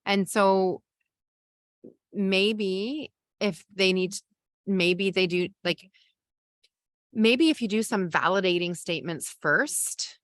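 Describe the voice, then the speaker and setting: Low-voiced woman coaching parents. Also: fairly bright tone, no room sound. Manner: conversational, reads viewer questions and answers off the cuff. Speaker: parenting coach and podcast host. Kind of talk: live masterclass Q&A.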